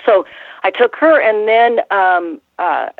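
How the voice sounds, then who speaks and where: A woman's voice: medium pitch, lively intonation, slow, no room sound. A woman in her sixties, a former ring announcer, telling rambling stories in a casual interview and laughing often. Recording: tinny phone line, dry.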